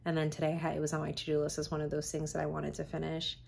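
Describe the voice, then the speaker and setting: A woman's voice: low voice, completely flat delivery, rapid-fire, creaky, darkish tone. A woman in her twenties, a medical student, chatting candidly to the camera at home at the end of a long day, tired and full of fillers. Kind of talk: casual vlog chat.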